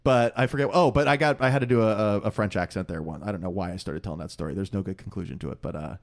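A man's voice: fairly low pitch, racing. A man co-hosting a podcast in casual chat, rambling and laughing often. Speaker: podcast co-host.

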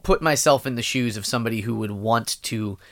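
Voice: medium pitch, brisk, a bit bright. A podcast co-host riffing playfully in a casual comedy chat.

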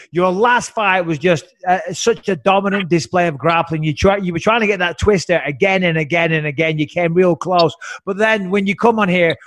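High-voiced male podcast host, dry sound. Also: dry recording. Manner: chatty, rambling and profane. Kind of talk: casual interview chat.

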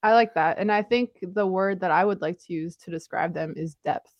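A woman's voice: on the low side, normal speed, dry recording. A woman in her twenties co-hosting a casual sports podcast, upbeat and chatty, laughing easily. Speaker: podcast co-host.

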